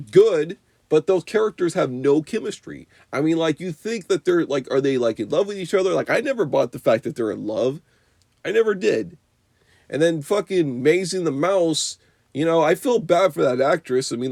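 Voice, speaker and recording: A man's voice: fairly high pitch, lively intonation, normal speed, vocal fry, darkish tone, no room sound. A young man giving an unscripted, profane movie review rant, rambling with constant "you know" and "like".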